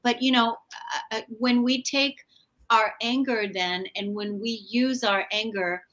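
A woman's voice: fairly high pitch, steady tone, a little slow, fairly bright tone. A woman guest speaking passionately and emphatically in a casual wellness conversation. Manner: emphatic, passionate, occasional swearing. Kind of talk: casual spiritual wellness chat.

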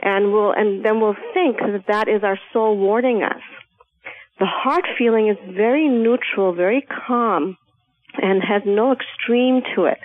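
Calm woman guest on a narrow phone-like line. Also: mid-range voice. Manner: calm, measured, acts out voices playfully. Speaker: guest speaker. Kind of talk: spiritual talk show chat.

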